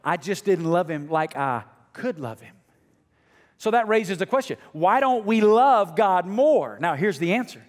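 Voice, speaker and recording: High, animated preaching man in an echoing hall. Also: measured pace. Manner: swings from hushed to near shouting. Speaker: pastor. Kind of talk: sermon. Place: church sanctuary.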